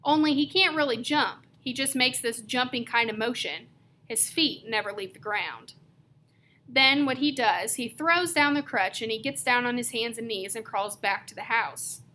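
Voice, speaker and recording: A woman reading a novel aloud, telling the story with lively, varied emphasis. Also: on the high side, moderate pace, a little hiss or hum. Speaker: reader.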